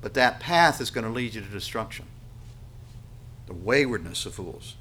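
A man preaching a sermon on scripture, earnest and emphatic, with dramatic pauses and little acted asides. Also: lowish voice, expressive, sharp tone, slightly rough. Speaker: pastor.

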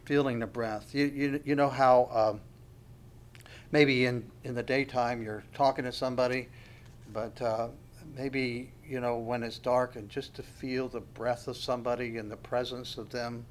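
A man's voice: mid-range voice, little pitch movement, a little slow, slight background noise. A man preaching a conversational sermon in a reflective way, asking his listeners questions as he goes.

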